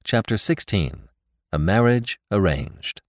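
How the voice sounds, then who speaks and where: A man narrating a classic story with an expressive, dramatic reading. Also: fairly low pitch, takes it slowly, no room sound, studio quality.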